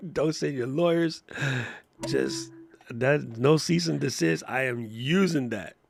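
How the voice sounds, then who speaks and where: A man co-hosting a live podcast, talking in an animated, joking way and laughing often. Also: medium pitch, slow, gravelly, dry recording. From Washington, D.C. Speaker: podcast co-host; teacher.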